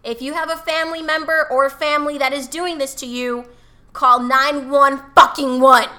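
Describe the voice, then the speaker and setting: A woman's voice: sits high, steady tone, moderate pace, sharp tone. A woman co-hosting a podcast, chatting casually with profanity and jokes, and reading quoted passages aloud. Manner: profane, jokey, acts out bits. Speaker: podcast co-host.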